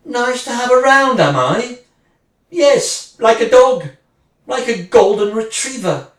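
A woman's voice: fairly high pitch, lively intonation, slow. A woman acting a sarcastic, wounded wife who is leaving her husband, speaking one side of a phone call in a dramatic monologue. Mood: bitter sarcasm. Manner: sarcastic, swinging between mocking and furious. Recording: roomy, distant mic.

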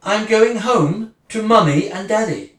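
A woman's voice: mid-range voice, expressive, measured pace, lightly acted. A woman acting a sarcastic, wounded wife who is leaving her husband, speaking one side of a phone call in a dramatic monologue. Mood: bitter sarcasm. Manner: sarcastic, swinging between mocking and furious. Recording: roomy, distant mic.

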